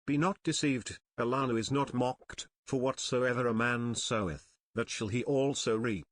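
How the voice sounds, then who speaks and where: A woman doing a deep, ominous scripture voice. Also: normal speed, no room sound, faint music behind. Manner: solemn, intoning.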